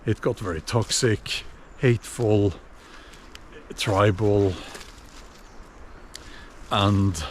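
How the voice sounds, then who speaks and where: A man giving a casual opinion monologue while walking outdoors, unhurried and musing, with many fillers and restarts. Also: on the low side, a little hiss or hum. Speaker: video blogger.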